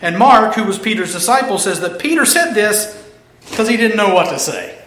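A man's voice: sits high, lively intonation, normal speed, fairly bright tone. A man preaching a casual, humorous sermon, telling the story animatedly and acting out the characters. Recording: roomy echo.

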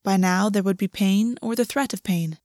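A woman narrating a story aloud in a steady, even reading voice. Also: medium pitch, moderate pace, no room sound, clean studio sound. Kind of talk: audiobook reading.

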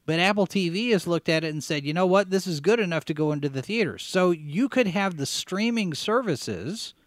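A man from Texas with a general American accent, hosting a casual chat, chatty and quick to laugh. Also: on the high side, a bit bright, dry recording. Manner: chatty, laughs easily, self-correcting. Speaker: host.

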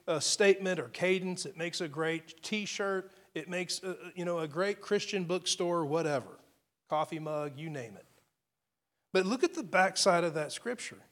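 Guy preaching a sermon, kinda high voice, earnest, keeps restarting and going "i mean". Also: a bit bright. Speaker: pastor.

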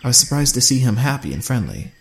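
A man narrating a first-person survival story in a steady, measured way. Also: mid-range voice, creaky.

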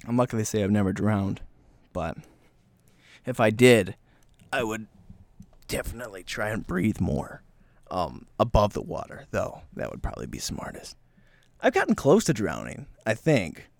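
A man hosting a solo podcast, rambling and self-mocking, slightly breathless, slipping into quick voiced bits. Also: lowish voice, a little mellow, no echo. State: slightly breathless from talking fast. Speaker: podcast host.

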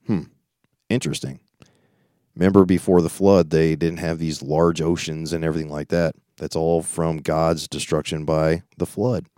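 Leading a Bible study, a preacher reads scripture and stops often for loose, conversational remarks, restarting and wandering into asides. His very low, mellow voice shows little pitch movement and sounds dry and close, with no room sound.

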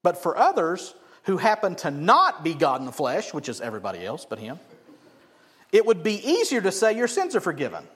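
Animated male pastor in an echoey hall. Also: high voice, fairly quick. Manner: animated, asks the congregation questions. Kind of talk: sermon.

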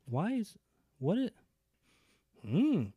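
A man co-hosting a podcast, chatting casually and enthusiastically about wrestling, rambling and getting animated. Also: high-pitched, drawn-out words, breathy edge, no room sound, phone-quality sound. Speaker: podcast co-host.

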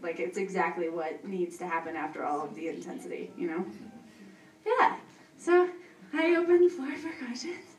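A woman's voice: on the low side, expressive, fairly quick, a little mellow. A young woman from Texas, out of breath and a little nervous, rambling and laughing as she answers questions on a convention panel. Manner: giggly, nervous, rambling with fillers. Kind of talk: casual panel Q&A. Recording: echoey room, from far off.

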